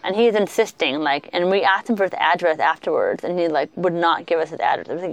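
A woman co-hosting a podcast, telling travel stories in a chatty, animated way with lots of fillers. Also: fairly low pitch, fast talker, few pauses. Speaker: podcast co-host. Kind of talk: casual travel storytelling.

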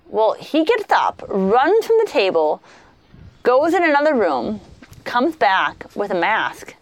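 A woman co-hosting a podcast, telling travel stories in a chatty, animated way with lots of fillers. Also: medium pitch, normal speed, clean tone. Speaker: podcast co-host. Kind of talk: casual travel storytelling.

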